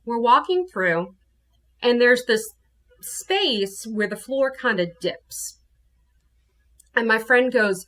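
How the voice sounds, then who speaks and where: Lively woman telling a ghost story. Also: on the high side, slow pace, long pauses. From New Orleans, USA. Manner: animated, acts out her own quotes. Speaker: guest storyteller.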